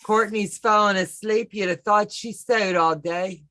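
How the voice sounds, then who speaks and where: A woman's voice: medium pitch, measured pace, fairly bright tone. Woman hosting a casual video call. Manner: brief, affirming replies. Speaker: host of a craft video call. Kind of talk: casual chat.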